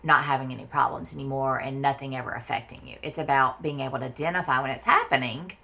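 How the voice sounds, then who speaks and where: A woman's voice: rumbling low, fast talker, gravelly, sharp tone. A woman from Mississippi with a Southern American accent, a guest talking candidly and bluntly, swearing for emphasis. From Mississippi, US Deep South. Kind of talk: candid conversation about inner child therapy.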